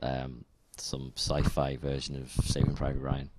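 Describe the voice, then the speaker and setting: A man's voice: a bass voice, completely flat delivery, unhurried, heavy background noise. A man hosting a casual podcast, laid-back and hesitant with many ums. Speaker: podcast host. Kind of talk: casual chat.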